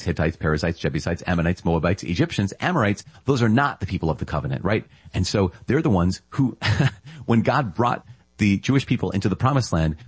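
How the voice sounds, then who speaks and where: Low, husky-voiced priest giving a sermon. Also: male voice, darkish tone, no echo. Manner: conversational, with laughs and tag questions. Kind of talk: sermon on scripture readings.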